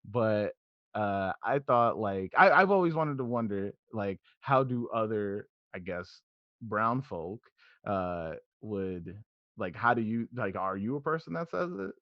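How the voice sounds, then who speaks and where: A man's voice: lowish voice, expressive, a little slow, dry recording, lo-fi sound. A man in his thirties from New York, a podcast guest in casual chat who is laid-back and laughs often.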